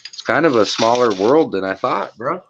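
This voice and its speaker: A man's voice: mid-range voice, animated, moderate pace, creaky, lo-fi sound, noisy background. A man in casual online chat, talking in a laid-back, rambling, profane way.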